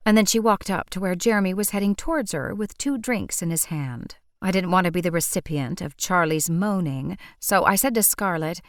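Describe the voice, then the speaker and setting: A woman with a low, close voice narrates an audiobook in a measured, wry manner. The sound is dry and near, with no room around it. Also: no room sound. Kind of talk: scripted narration.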